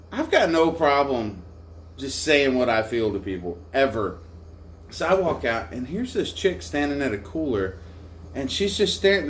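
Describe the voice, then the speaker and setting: A tired man casually telling a crude, profane, self-mocking story from his motorcycle trip, with a faint background hiss. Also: a little high. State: tired from little sleep. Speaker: motorcycle travel vlogger.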